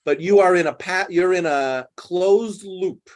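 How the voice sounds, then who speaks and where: A male teacher speaks directly to his students, pointing out what he notices in their talk. His voice sits a little high. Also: unhurried, a little mellow. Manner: direct, observant. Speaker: English teacher. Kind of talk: classroom feedback.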